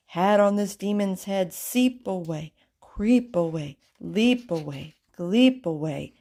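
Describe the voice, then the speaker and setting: A woman reading a storybook aloud, voicing a group of mysterious magicians who chant a spell in a slow, sing-song rhythm. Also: high voice, creaky, a little mellow, husky, exaggerated voice.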